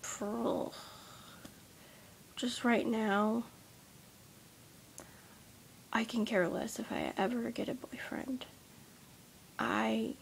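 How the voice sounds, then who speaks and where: A tired young woman with a headache, rambling in a soft, half-whispered voice as she vents to her vlog camera. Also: mid-range voice, gravelly, slight background noise. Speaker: vlogger. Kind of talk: casual rant to camera.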